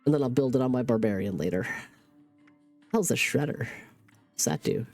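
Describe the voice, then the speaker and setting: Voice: medium pitch, expressive, normal speed, a little mellow, soft background music. A livestreamer with a stuffy nose from a cold, chatting casually while playing a game and talking through each in-game task aloud. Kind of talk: casual gaming stream chat.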